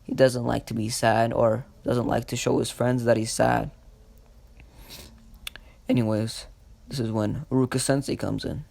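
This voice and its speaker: A man casually narrating a fan story, halting and slow, with many restarts. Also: mid-range voice, little pitch movement, gravelly, a little mellow, no room sound.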